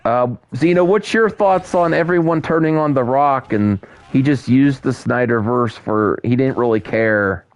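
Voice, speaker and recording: A man's voice: mid-range voice, unhurried, hardly any pauses, dry recording. A man chatting casually on a live stream while he plays a game, rambling with many restarts and talking to his viewers, on a headset mic.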